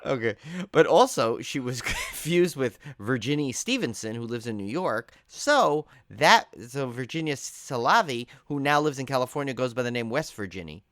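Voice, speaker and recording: A man's voice: medium pitch, sing-song, moderate pace, hardly any pauses, fairly bright tone, no echo, clean studio sound. A tired man co-hosting a podcast in casual chat, rambling and joking as he drifts off on tangents. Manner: rambling, jokey, wanders off on tangents. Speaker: podcast co-host.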